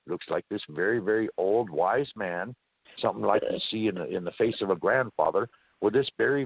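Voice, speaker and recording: A man from California, an interview guest, telling a first-person story in an animated, folksy way. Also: on the low side, breathy edge, no room sound. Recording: dry muffled phone line.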